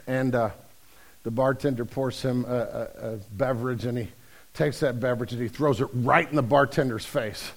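A man's voice: medium pitch, fairly even intonation, moderate pace. A man preaching a sermon as pastor, speaking in a conversational, earnest way with frequent restarts.

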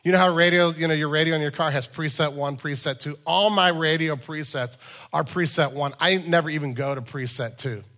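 A man's voice: a little high, brisk, a bit bright. A man in his forties preaching a sermon in a conversational, storytelling way, with emphatic asides. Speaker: pastor.

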